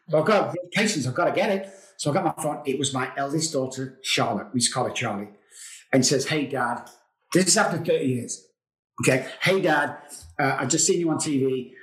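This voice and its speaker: A middle-aged man with an expressive, medium-pitched voice talks fairly quickly as an interview guest and addiction recovery expert. He earnestly confesses his personal hardships in emotional storytelling, circling back on phrases to drive them home, in a room with a noticeable echo.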